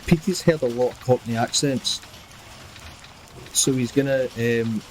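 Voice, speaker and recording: A man's voice: mid-range voice, measured pace, slight background noise, low-quality recording. Playful man at the game table. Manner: chatty and playful, laughs often. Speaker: player. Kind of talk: casual tabletop play.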